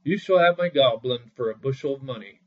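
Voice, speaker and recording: A man's voice: mid-range voice, expressive, a little fast, close to an everyday voice. A man voicing a clever, sly poor male peasant in a fairy tale, talking in a coaxing way, on a dull lo-fi recording. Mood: reluctant.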